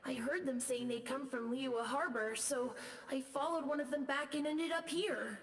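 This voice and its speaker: A woman voicing a timid, gentle, lost boy ghost in a video game, who speaks softly and apologetically. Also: sits high, moderate pace, slight background noise, lightly acted. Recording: game audio with faint music.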